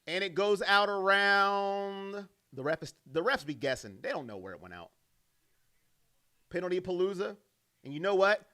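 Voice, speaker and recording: Guy doing live play-by-play on his fan stream, high bright voice, gets loud and fired up reading chat. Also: normal speed, long pauses. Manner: animated, loud, reacts to plays and reads donations.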